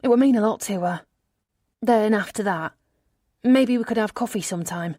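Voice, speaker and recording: A woman's voice: mid-range voice, moderate pace, warm tone, no room sound, studio quality, voice pushed up, close to an everyday voice. A woman narrator voicing a frank, friendly younger woman who speaks encouragingly.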